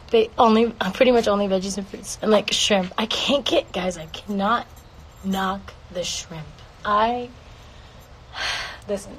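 A woman's voice: mid-range voice, a little hiss or hum, low-quality recording. A woman singer casually answering fan questions on a livestream from home, playful and swearing freely. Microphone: phone.

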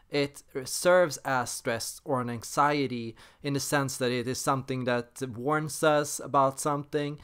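Male host, explanatory monologue, smooth resonant voice, measured emphasis. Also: medium pitch, fairly bright tone. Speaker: personality theory channel host.

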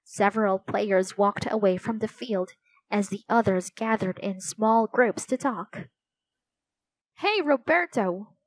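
Woman reading a children's storybook slowly. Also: medium pitch, steady tone, darkish tone, no echo, rough recording. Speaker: storybook reader. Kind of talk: reading a children's book aloud.

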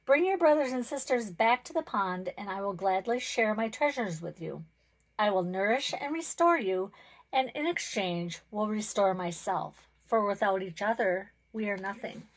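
Fields: Figure: proud, selfish male pond spirit, voiced by a woman. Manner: ranting, rising high and loud when upset. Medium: storybook reading. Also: animated, moderate pace. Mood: pleading.

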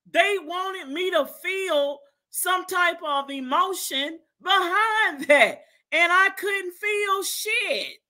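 Lady going off on her live stream, cussing and laughing, bright pushy voice. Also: very high-pitched. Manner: brash, profane, laughing. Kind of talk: heated live-stream rant.

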